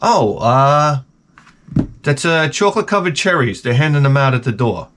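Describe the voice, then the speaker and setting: A man's voice: medium pitch, animated, normal speed, a bit bright, a little hiss or hum. A man in his forties with a sarcastic, self-mocking manner, rambling through a comic story outdoors by his shed. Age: 40s. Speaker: vlogger. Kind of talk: rambling comedic monologue.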